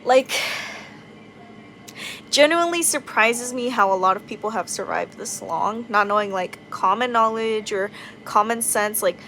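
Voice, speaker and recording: A woman's voice: a little high, fairly bright tone, slight background noise, low-quality recording. A young woman ranting casually into her phone in an exasperated, incredulous way, full of "like". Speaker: vlogger.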